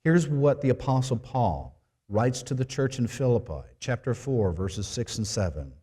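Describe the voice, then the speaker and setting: A man preaching a sermon to his congregation, telling a story with asides to the listeners and swinging between loud and hushed moments. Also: medium pitch, very animated, normal speed, breathy edge. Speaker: preaching minister. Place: church sanctuary.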